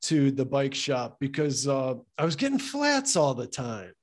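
A man co-hosting a casual chat, relaxed and rambling with lots of "um" and "like". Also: mid-range voice, unhurried. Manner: relaxed, rambling, many fillers like "um" and "like". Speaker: podcast co-host.

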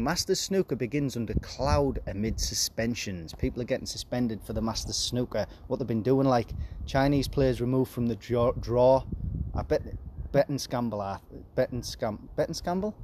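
A man in his forties hosting a casual podcast, reading news headlines aloud with deadpan, sarcastic asides. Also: mid-range voice, a little hiss or hum. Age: 40s. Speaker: podcast host.

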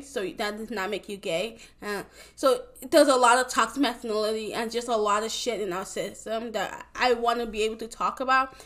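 Young woman with a high voice, solo podcast host, loose and rambling with heavy swearing and frequent restarts. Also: fairly bright tone. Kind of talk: casual solo podcast monologue.

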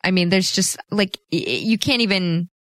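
Chatty and animated, this twenty-something podcast co-host keeps the talk casual and laughs a lot. She has a mid-range voice at normal speed, recorded dry with studio quality.

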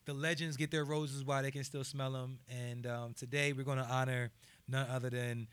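A man's voice: mid-range voice, little pitch movement, moderate pace, a bit bright, smooth. A man hosting a podcast, talking in a laid-back drawl with lots of fillers. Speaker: podcast host. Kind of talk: casual podcast banter.

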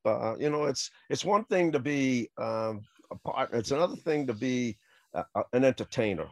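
A man's voice: mid-range voice, lively intonation, moderate pace, a little mellow. A man co-hosting a comedy talk, telling rambling jokes and ending them with spoken rimshots. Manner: rambling joke delivery with rimshot sound effects. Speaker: co-host. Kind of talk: joke-telling banter.

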